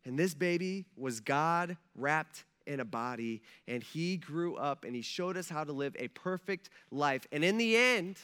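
Bright high-voiced casual preacher. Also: male voice, clear, resonant tone. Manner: conversational, animated, full of "like" and "man". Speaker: pastor. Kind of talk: sermon.

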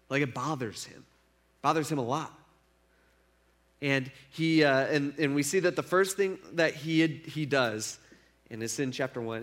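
A man's voice: medium pitch, fairly bright tone. A young man giving a casual sermon, retelling a story in a conversational way with lots of fillers. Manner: conversational, filler-heavy storytelling with acted quotes. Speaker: preacher.

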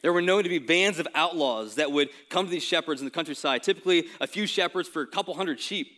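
A male pastor giving a sermon in a casual, conversational way, often checking in with the congregation with quick asides. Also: a little high, pushed and bright. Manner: casual, conversational preaching with frequent "right?" asides.

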